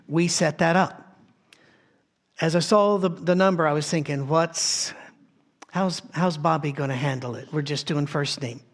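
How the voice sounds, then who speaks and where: A male pastor delivers a sermon from a soundstage in a slightly higher-than-usual voice. He preaches conversationally, as if telling a story to friends, and often circles back to restart a phrase.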